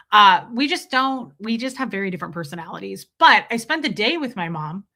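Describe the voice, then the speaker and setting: Bright-voiced young woman streamer chatting. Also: mid-range voice, lively intonation, fairly quick, hardly any pauses. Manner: chatty, swearing freely, storytelling. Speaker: livestream host. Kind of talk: casual livestream chat.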